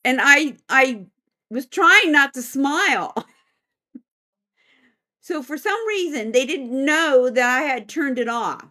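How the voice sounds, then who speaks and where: Animated, slow-talking woman telling a story. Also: high-pitched. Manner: animated storyteller, laughs often. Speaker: psychic medium guest. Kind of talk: casual anecdote in an interview.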